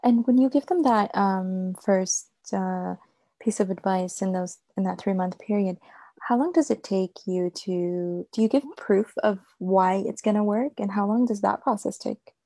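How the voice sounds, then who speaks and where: A woman interviewing a guest, asking questions and nodding along with short affirmations. Her voice is gravelly and mellow in tone. The sound is dry and close. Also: mid-range voice, unhurried, no room sound. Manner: attentive, brief affirmations.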